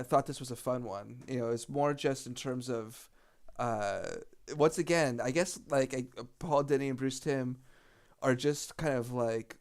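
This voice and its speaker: A man's voice: mid-range voice, darkish tone, smooth. A man co-hosting a podcast in casual chat, easygoing and teasing, rambling with fillers and restarts. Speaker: podcast co-host.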